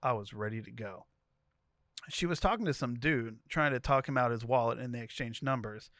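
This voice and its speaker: A man co-hosting a podcast, retelling a wild story in an animated, comedic way. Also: mid-range voice, fairly quick, no echo, studio quality. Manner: animated storytelling, voicing each character. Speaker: podcast co-host. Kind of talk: comedic dramatic reading of a story.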